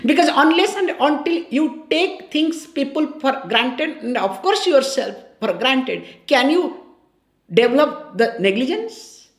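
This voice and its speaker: A woman's voice: high voice, sing-song, unhurried, reverberant. A woman giving a spiritual discourse on scripture in a conversational way, often checking in with her listeners and repeating key phrases. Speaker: spiritual teacher.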